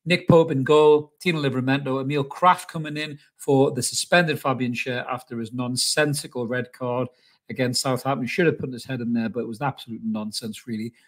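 A man's voice: mid-range voice, fairly even intonation, fairly quick. A man hosting a casual football match preview, blunt and opinionated. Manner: blunt, opinionated, swears about rivals. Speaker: football channel host.

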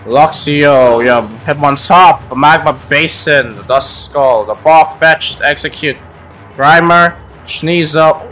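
Brief: young-sounding man, casual card-opening vlog, slow drawn-out delivery, rambling with lots of "like", faint music underneath. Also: fairly high pitch, pushed and bright. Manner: rambling, many "like" fillers, naming cards aloud. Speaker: YouTuber opening trading cards.

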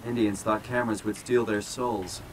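A man's voice: on the low side, flat delivery, normal speed, slight background noise, close to an everyday voice, poor audio. An actor playing a confused young man waking in a strange place, asking questions. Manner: bewildered, questioning.

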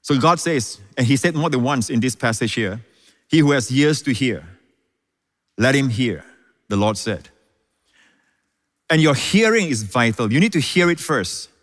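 Male pastor, mid-pitched voice, emphatic sermon with repeated phrases, long reverb of a large hall. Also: animated, measured pace, long pauses. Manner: emphatic preaching, repeats key phrases, calls out "Hallelujah".

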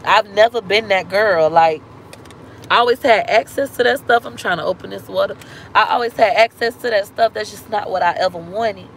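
A woman's voice: mid-range voice, creaky, a little hiss or hum, poor audio. A woman vlogger telling a painful family story on a live stream, blunt and emotional, with casual slang and cursing. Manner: talks fast in bursts, slows down on hurtful points.

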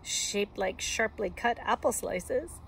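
Give me a woman as a sly, hungry storybook wolf, slow and scheming. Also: mid-range voice, lively intonation, vocal fry, a bit bright, a little hiss or hum, heavily acted.

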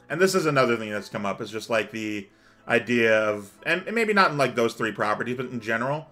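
A man hosting a let's play, rambling and digressive in casual commentary, growing excitable. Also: mid-range voice, fairly quick, faint music behind.

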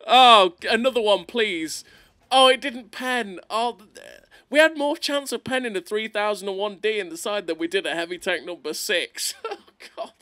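A man doing excitable, playful gameplay commentary over a video, laughing often, recorded close on a desk mic. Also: high voice, normal speed, no echo.

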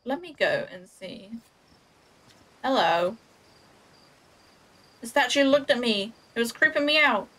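A woman's voice: on the high side, expressive, slow, long pauses, sharp tone. A young woman streaming a game, chatting casually to herself and her viewers, joking at her own clumsy play. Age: young adult. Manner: chatty, self-mocking, talks to herself and chat while playing. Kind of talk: casual gameplay commentary.

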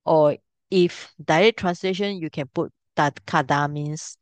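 A woman's voice: sits low, unhurried, clean tone, no echo. A middle-aged woman teaching a language class, patiently explaining step by step and checking if students can follow.

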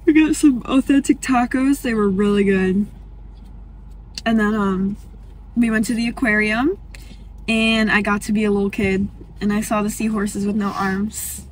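A woman's voice: mid-range voice, fairly even intonation, moderate pace. Young woman, giggly rambling story, car noise behind. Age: young adult. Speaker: vlogger. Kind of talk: casual car chat. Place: parked car. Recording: noisy car interior.

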